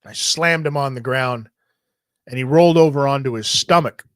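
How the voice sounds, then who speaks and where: A man's voice: medium pitch, moderate pace, a bit bright, dry recording. A man hosting a talk show, telling a story in a casual, profane and jokey way. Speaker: host.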